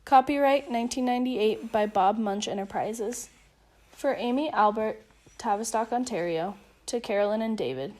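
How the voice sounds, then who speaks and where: A woman reading a children's picture book aloud in a lively, expressive way. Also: fairly high pitch, normal speed. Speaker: storybook reader.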